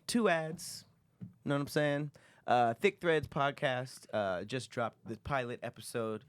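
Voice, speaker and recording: A man hosts a casual comedy podcast, trading jokes and laughing easily. His voice sits at a middle pitch. The sound is dry and close to the mic. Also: a little slow, clear, resonant tone, no room sound. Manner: laid-back, joking, laughs often. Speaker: podcast host.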